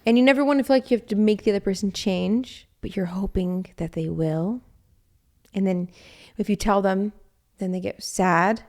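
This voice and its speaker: A woman's voice: medium pitch, moderate pace, a little mellow. A young adult woman hosting a casual podcast with her husband, tired but chatty, laughing easily and acting out what people said. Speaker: podcast host. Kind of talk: casual couple chat.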